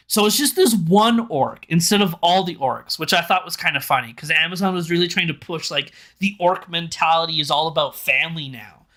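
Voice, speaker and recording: A streamer casually reviewing a show live, animated and incredulous, laughing often. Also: mid-range voice, a little fast, few pauses.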